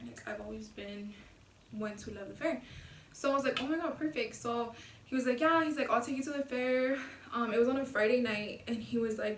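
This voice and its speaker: A young woman with a somewhat high voice tells a casual, profane storytime, acting out quotes with animated slang. The low-quality mic sits back from her in an echoey room with a faint hiss. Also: far from the mic. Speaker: vlogger. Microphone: low-quality camera mic.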